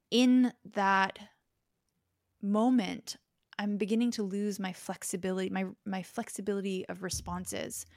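A woman's voice: medium pitch, no room sound, studio quality. A young woman speaking as a guest in a podcast conversation. She talks thoughtfully and explains her ideas through examples. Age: young adult.

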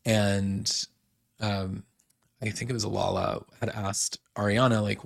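A man's voice: on the low side, level tone, slow, creaky, no room sound, studio quality. A young man hosting a casual recap, chatty and opinionated, acting out quotes with lots of "like". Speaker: podcast host recapping a reality show.

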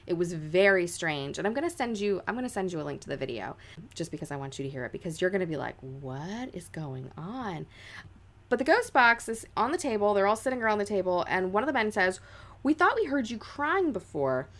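A woman's voice: mid-range voice, animated, fast. A young adult woman co-hosting a podcast, telling a ghost story in a casual, chatty way, full of "like" fillers and dramatic quoted voices. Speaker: podcast co-host.

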